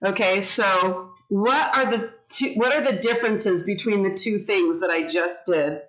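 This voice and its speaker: A woman teaching a class over a video call, speaking deliberately and modeling words and syllables for her students. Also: medium pitch, a bit bright, rough recording.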